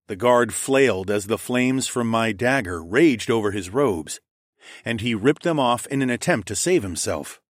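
Man narrating a dark fantasy audiobook. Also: lowish voice, no echo, studio quality.

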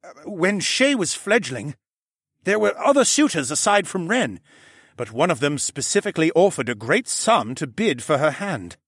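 A man's voice: a little high, sing-song, normal speed, fairly bright tone, breathy edge, no room sound, studio quality, pitched above the performer's own voice, exaggerated voice. A man voicing a hot-headed young falcon man. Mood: heated. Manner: blunt, snarling.

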